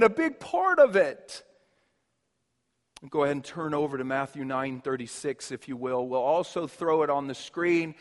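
A man preaching a sermon as pastor, impassioned, swinging from loud emphasis to hushed, near-whispered lines. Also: fairly high pitch, big pitch swings, normal speed. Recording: long hall reverb.

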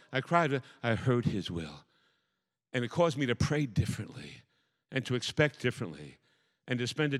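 An older man preaching a sermon as a pastor, emphatic and repetitive, building to fervent emphasis. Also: medium pitch. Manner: emphatic preacher, repeats phrases, rising to fervor. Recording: long hall reverb.

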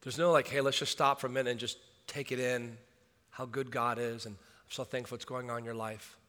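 A male pastor preaching a sermon, swinging from hushed asides to shouted urgency. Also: medium pitch, level tone, fairly quick. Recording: long hall reverb.

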